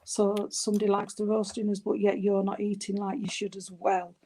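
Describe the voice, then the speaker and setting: Lady medium doing a spirit reading, soft warm voice, keeps saying sweetheart and darling, lots of restarts. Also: medium pitch, flat delivery, a little fast. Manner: gentle, soothing, calls the listener sweetheart and darling; hesitant, with frequent restarts. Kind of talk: giving a spirit reading at a service.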